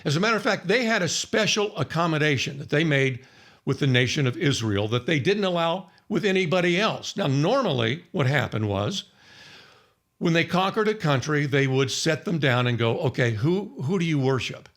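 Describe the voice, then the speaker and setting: A man's voice: fairly high pitch, lively intonation, normal speed, a bit bright. A man teaching on the Bible in a conversational storytelling way, acting out the people he quotes. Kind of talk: sermon-style Bible teaching.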